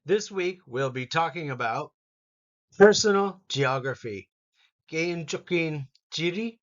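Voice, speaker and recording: Slow, careful man teaching vocabulary. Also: a little high, animated, fairly bright tone, lo-fi sound. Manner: slow, careful pronunciation drills with repetition. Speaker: English teacher. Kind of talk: vocabulary lesson.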